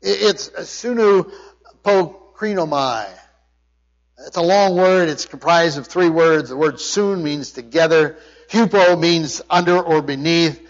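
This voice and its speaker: A man's voice: on the high side, a little slow. A male pastor preaching a sermon, emphatic, often restarting his words as he explains a passage. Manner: emphatic preaching with frequent restarts and word study. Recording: dull sound with long hall reverb.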